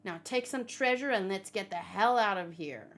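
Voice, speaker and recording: A woman's voice: mid-range voice, moderate pace, a bit bright, close to an everyday voice. A woman reading aloud as a rowdy, cheerful male pirate crewman, in a boisterous delivery. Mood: triumphant.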